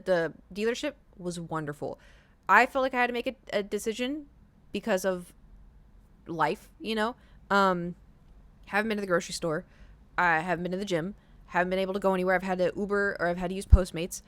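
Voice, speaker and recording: A woman's voice: mid-range voice, fairly bright tone, clear, resonant tone. A woman streamer casually telling a long story to her chat, rambling with many fillers and restarts.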